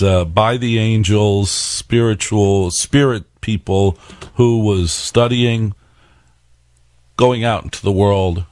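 Low-voiced male radio talk host. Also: no room sound, studio quality. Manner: conversational storytelling, rhetorical questions to listeners. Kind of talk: radio monologue.

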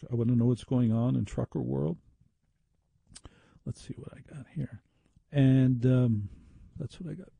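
A man hosting a talk radio show with a gravelly, very dark and husky voice. He delivers an opinionated, sardonic monologue with indignant edges. The studio sound is close and dry. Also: medium pitch, no room sound.

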